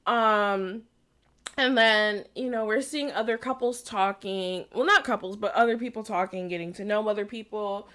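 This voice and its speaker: Casting: young woman, casual podcast co-host, relaxed delivery, salty language, mid-pitched voice. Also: normal speed. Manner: laid-back, swears freely, laughs often. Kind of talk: casual chat.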